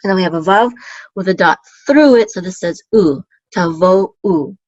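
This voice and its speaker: A woman teaching a relaxed online language lesson, explaining patiently and often checking in with "okay?". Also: medium pitch, a little fast, no room sound. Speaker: Biblical Hebrew teacher. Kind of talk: casual screen-share lesson. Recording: dull, dry lo-fi sound.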